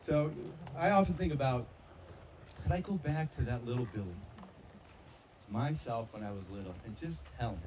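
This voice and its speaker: A man's voice: mid-range voice, animated, normal speed, long pauses, darkish tone, a little hiss or hum, poor audio. A man in his fifties from North Carolina doing an amateur stand-up routine at a wedding party, with dry, self-deprecating punchlines. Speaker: amateur stand-up comic, a physician. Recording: crowd laughter and applause.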